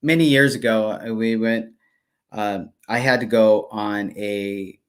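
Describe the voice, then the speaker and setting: A man's voice: on the low side, takes it slowly. A man co-hosting a live devotional stream, telling a travel story hesitantly with many fillers and restarts. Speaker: co-host. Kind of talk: casual storytelling.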